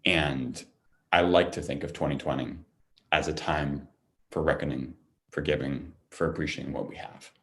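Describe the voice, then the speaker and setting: A man speaking to an audience in a heartfelt, earnest appeal for a charity, climbing louder and higher as he presses his point. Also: steady tone, moderate pace, a little hiss or hum. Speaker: performer making a charity appeal.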